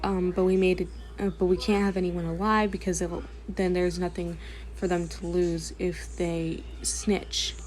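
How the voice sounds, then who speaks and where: A woman voicing a wary male gang leader who reasons in a flat, cold way. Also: lowish voice, measured pace, a little hiss or hum, lightly acted.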